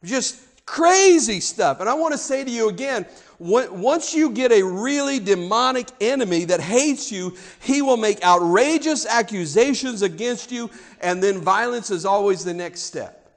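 A man preaching a sermon, emphatic, dropping to a hush and then rising loud. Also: high-pitched, animated, moderate pace. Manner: emphatic, swings between hushed and loud.

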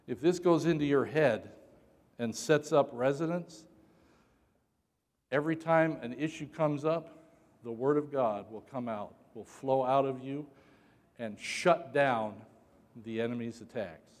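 A male pastor preaching a sermon, who jokes with the congregation and shouts for emphasis. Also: medium pitch, measured pace, pauses often, in a large hall.

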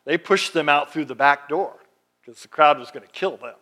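This man delivers a sermon as pastor, reading scripture at a slow pace and moving from loud emphasis to quiet, hushed passages. His voice sits a little high.

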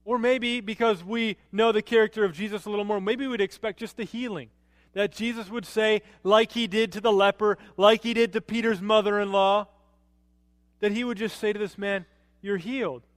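Man, pastor, sermon, animated emphatic delivery, dry close voice, long hall reverb. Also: moderate pace. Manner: animated preaching, rises to emphatic peaks and drops low for quotes.

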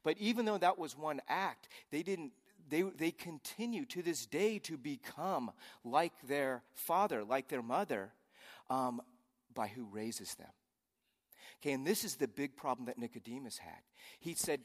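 A man preaching a conversational sermon, swinging between soft asides and loud emphatic lines. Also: fairly high pitch, lively intonation, measured pace, long reverb tail. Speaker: pastor.

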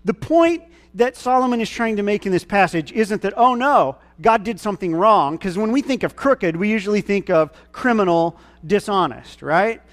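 A male pastor with a central US twang preaches in a high, bright register. He talks earnestly and pushes into emphatic, raised-voice peaks. His voice carries a long reverb from a church hall. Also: expressive, moderate pace, hardly any pauses. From central United States. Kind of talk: sermon. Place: church sanctuary.

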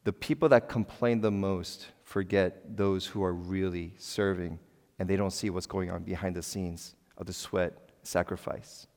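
A middle-aged man preaching a sermon as a pastor in a church. He is conversational and emphatic, asks the congregation questions and breaks into sudden loud exclamations. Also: low-pitched, steady tone, unhurried. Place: church sanctuary. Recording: long church hall reverb.

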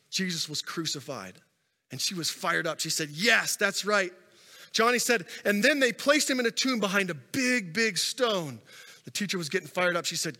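High bright preacher guy, tells stories, goes big then drops quiet, church hall echo. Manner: storytelling preacher, rising and falling intensity. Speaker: pastor. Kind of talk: sermon. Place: church sanctuary. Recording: long reverb of a large hall.

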